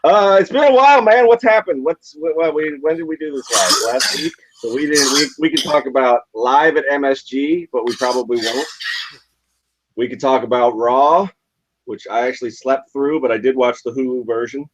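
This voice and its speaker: A man's voice: medium pitch, normal speed, noisy background. A stuffy-nosed man co-hosting a podcast over a video call, bantering casually and cracking loose jokes. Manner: loose, joking banter with frequent asides. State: congested. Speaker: podcast co-host. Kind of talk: casual chat.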